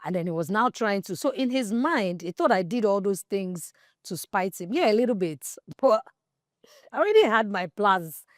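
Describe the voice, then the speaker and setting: A woman's voice: mid-range voice, moderate pace, dry recording, clean studio sound. A Nigerian woman in her forties telling a candid personal story, switching into pidgin and acting out what people said. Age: 40s. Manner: animated, slips into pidgin and plays out quoted dialogue. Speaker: podcast host.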